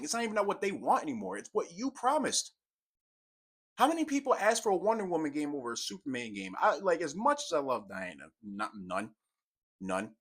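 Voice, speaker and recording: A young man giving a profane, exasperated commentary rant, swinging from low mutters to loud outbursts. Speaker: commentary YouTuber. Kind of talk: ranting commentary.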